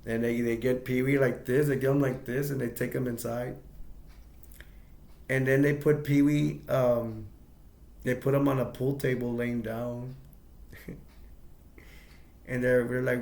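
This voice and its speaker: A man casually retelling a film's plot as an amateur reviewer, rambling and halting, leaning on "like" and chuckling often. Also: mid-range voice, gravelly, roomy sound.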